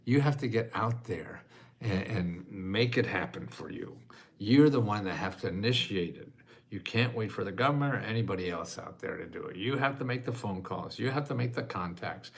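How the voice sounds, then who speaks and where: An American man in his eighties hosting a casual livestream chat, self-mocking and quick to laugh, sometimes choking up with emotion. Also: fairly low pitch, lively intonation, creaky. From United States. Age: 80s. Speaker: host answering viewer questions.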